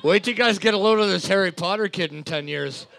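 A man's voice: sits high, fast, creaky, clear, resonant tone. A man co-hosting a bar trivia night, wisecracking with crude jokes. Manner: wisecracking, loud when scoring.

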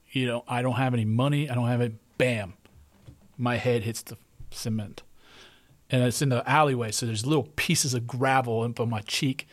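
A middle-aged man hosting a podcast, telling a long personal story in casual, rambling talk and often repeating himself. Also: medium pitch. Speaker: podcast host.

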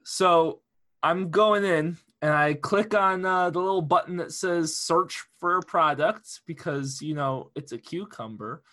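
A young man chatting on a casual podcast, his voice high and bright. He tells stories with a lot of energy, laughing often and cursing freely. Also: unhurried. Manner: animated storyteller, laughs often, swears freely. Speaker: podcast co-host.

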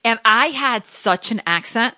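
Woman, 30s, from Connecticut, radio host, fast chatty storytelling, bright voice, dry studio sound. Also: on the high side, animated, no room sound. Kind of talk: casual studio chat. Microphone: studio microphone.

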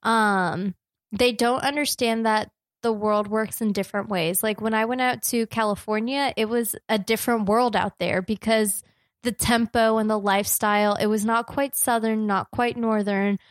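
A young woman from New Jersey talks in a casual podcast chat, pitched a touch high. She is chatty and quick to poke fun at herself. The room sounds dry and close. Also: fairly even intonation, no room sound. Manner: chatty, self-deprecating, laughs easily. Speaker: podcast co-host.

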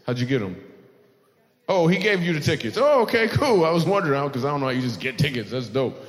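Fast and sing-song in a fairly high pitch, a male comedian teases the crowd from the stage and frequently laughs at his own jokes. It's a live comedy venue, and a long hall reverb colors the sound.

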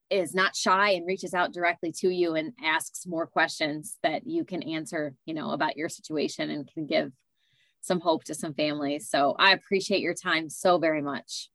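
A woman hosting a podcast interview, talking in a calm, measured and affirming way. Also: fairly low pitch, no echo. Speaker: podcast host and author, autism parent. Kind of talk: interview conversation.

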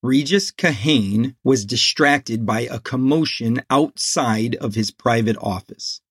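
A man reading a novel aloud as narrator, in a measured, deliberate way. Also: mid-range voice, slightly rough, no echo, studio quality. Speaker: audiobook narrator. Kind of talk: scripted narration.

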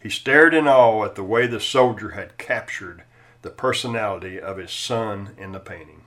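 A male chaplain telling a sermon story in an earnest voice, slowing down and going quiet on key phrases. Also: on the low side.

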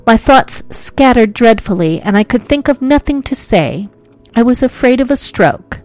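A woman's voice: a little high, expressive, normal speed, darkish tone, dry recording. Woman narrating a suspenseful ghost story.

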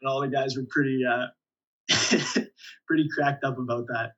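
A young man, a volleyball player, telling stories in a relaxed interview with frequent chuckles and restarts. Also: mid-range voice, moderate pace, highs cut off. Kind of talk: casual interview storytelling.

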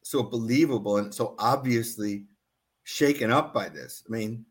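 A man who writes books, earnestly telling a story as an interview guest and pausing often to find his words. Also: medium pitch.

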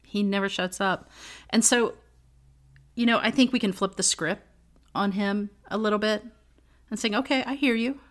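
A woman's voice: medium pitch, steady tone, moderate pace, a bit bright. A middle-aged woman co-hosting a casual faith podcast, telling personal stories earnestly and laughing often. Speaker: podcast co-host.

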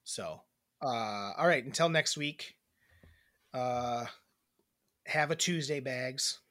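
A man's voice: mid-range voice, animated, takes it slowly, bright, forceful tone, no echo, clean studio sound. A man co-hosting a podcast in casual chat, rambling and joking with lots of fillers and restarts. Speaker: podcast co-host.

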